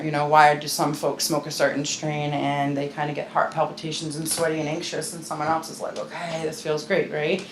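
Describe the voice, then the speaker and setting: Low, gravelly-voiced woman talking frankly. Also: a little hiss or hum. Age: adult with a grown-up mother. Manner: chatty, frank, joking asides. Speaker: patient advocate guest speaker. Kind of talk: casual seminar talk. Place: seminar room at a wellness center. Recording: echoey room with faint ambience.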